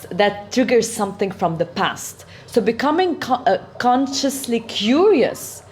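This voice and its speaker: A woman's voice: mid-range voice, darkish tone, slight background noise. A woman hosting a self-help talk, explaining steps in an earnest coaching manner and often checking in with "right?". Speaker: host.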